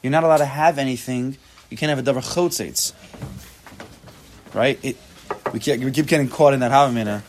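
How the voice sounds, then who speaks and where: A man teaching a Talmud class, thinking aloud with quick restarts and reading text out loud. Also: medium pitch, noisy background. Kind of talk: casual shiur teaching.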